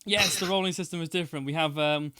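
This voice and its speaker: Game master, male, bright and crisp voice, loose rambling narration. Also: a little high, fairly even intonation, fast talker, dry recording, studio quality. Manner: rambling with many fillers and restarts, laughs easily.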